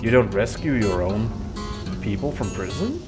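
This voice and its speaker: A man's voice: lowish voice, normal speed, over music. A man reading out the lines of a weary male camp leader from a video game, in his own plain voice. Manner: flat reading of game dialogue.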